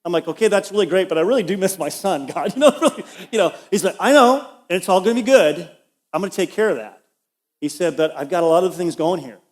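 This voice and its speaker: A man's voice: sits high, fast. A middle-aged man, a pastor, preaching a conversational sermon and telling a personal story with asides to the congregation. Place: church auditorium.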